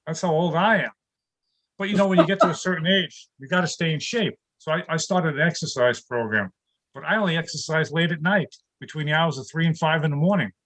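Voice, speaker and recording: A man's voice: fairly high pitch, brisk, fairly bright tone. A man in his sixties from New York City doing a stand-up comedy set over a video call from his home studio, chuckling at his own punchlines. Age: 60s.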